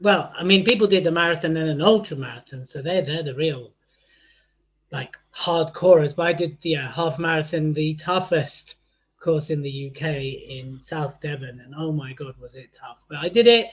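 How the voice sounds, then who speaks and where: Jokey man with a high voice. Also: moderate pace. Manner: jokey and energetic, laughs often. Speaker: podcast co-host. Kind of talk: casual chat.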